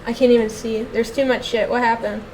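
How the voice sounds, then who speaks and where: A young adult woman streamer chatting casually while she plays, ranting with heavy swearing and switching to soft baby talk with her dog. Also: fairly high pitch, level tone, brisk, slight background noise, rough recording. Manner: exasperated, heavily profane ranting. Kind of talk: casual live-stream chat.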